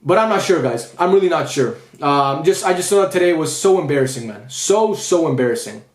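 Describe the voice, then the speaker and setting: A man's voice: on the high side, animated, brisk, echoey room. A young man ranting after a football match as a fan vlogger, frustrated and repetitive, swearing often. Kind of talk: post-match rant.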